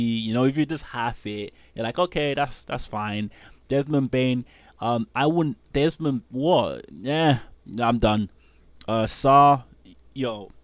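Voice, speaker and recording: A man's voice: mid-range voice, dry recording. Guy going over his fantasy league, rambly, dry close mic sound. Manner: animated, rambling, trails off into muttering. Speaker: fantasy basketball league host. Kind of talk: casual solo commentary.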